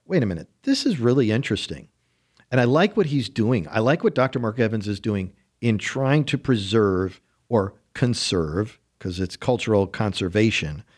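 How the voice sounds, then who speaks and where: Older male radio host, from upstate New York, low voice, rambling chatty delivery. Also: lively intonation, normal speed. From western New York State. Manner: rambling, chatty, laughs often. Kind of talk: casual on-air talk.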